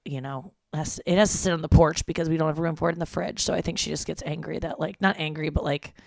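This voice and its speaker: A woman's voice: sits low, steady tone, quick pace, vocal fry, a little mellow, no room sound, studio quality. A young woman hosting a podcast from home, rambling in a casual, irritated monologue and swearing freely. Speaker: podcast host.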